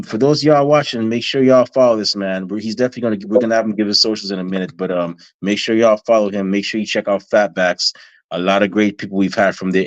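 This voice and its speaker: A man hosting a chat show, closing it in a measured, folksy, relaxed way. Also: deep voice. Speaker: podcast host. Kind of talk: show sign-off. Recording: dull lo-fi audio.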